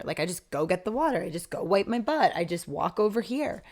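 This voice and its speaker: A woman with a somewhat low voice speaks as a podcast guest. She tells a personal story casually and with energy. She acts out what people said along the way. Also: brisk, hardly any pauses. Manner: lively, acts out quoted dialogue.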